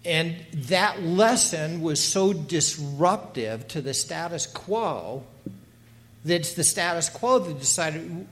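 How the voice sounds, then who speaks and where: A man speaks in a fairly high voice for a man, earnestly responding in a panel discussion. His delivery is emphatic and preacherly, building through repeated phrases. He hesitates often, filling pauses and restarting his sentences. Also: expressive, a bit bright. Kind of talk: earnest discussion comment on scripture.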